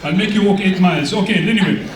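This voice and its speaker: A comedian playing a cheeky French coach with a heavy put-on French accent, teasing a crowd at a live lunch event. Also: male voice, sits high, quick pace, noisy background, close to an everyday voice. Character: boastful French coach, teasing, adult man. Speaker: comedian in character. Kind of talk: live stand-up character act. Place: large function room at a lunch event. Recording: echoey hall from far off, loud crowd.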